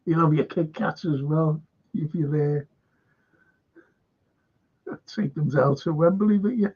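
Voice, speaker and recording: Taking it slowly, a middle-aged man hosting a casual live stream reads viewers' comments aloud with a chuckle and a stray swear word, as a podcast host going through live chat. His voice is a little high with a breathy edge, over dull lo-fi stream audio.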